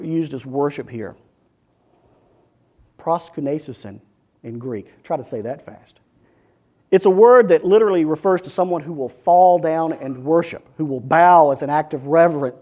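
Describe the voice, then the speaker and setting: Fervent preaching man, slightly high voice. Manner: chants repeated phrases with rising intensity, then drops to a hush; earnest, addresses listeners directly. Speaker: pastor. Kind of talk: sermon.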